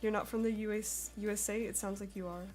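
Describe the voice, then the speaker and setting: A woman's voice: mid-range voice, fairly even intonation, fast, darkish tone. A young woman with a plain American accent chats with her stream while she draws. She giggles often and reads chat messages aloud in a bubbly way, her voice in the middle range. Faint music plays underneath. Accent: General American. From Sweden. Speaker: artist streamer.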